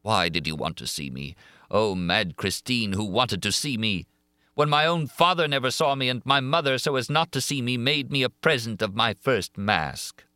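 A man's voice: medium pitch, lively intonation, normal speed, bright, forceful tone, no room sound, clean studio sound. A man voicing a roaring, anguished disfigured man. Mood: bitter. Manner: roaring, then sobbing and pleading. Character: tormented disfigured man, grandiose and despairing. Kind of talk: audiobook character reading.

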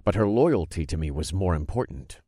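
A man narrating a dark fantasy story in the first person, steady and low-key. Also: moderate pace, no echo, clean studio sound.

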